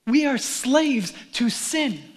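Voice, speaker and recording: A man with a very high voice delivers a sermon as pastor. He acts out mocking crowd voices, then drops to a hush before rising to a shout. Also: lively intonation, takes it slowly. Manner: swings from hushed whispers to shouting.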